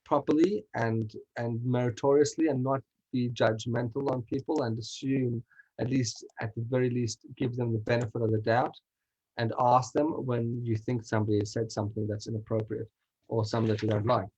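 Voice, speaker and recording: Male rabbi, emphatic lecturer, mid-pitched voice, video-call lesson. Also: flat delivery, brisk, darkish tone, husky, lo-fi sound. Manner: earnest, emphatic, with Hebrew terms. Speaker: rabbi teaching a weekly class. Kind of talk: Torah class lecture.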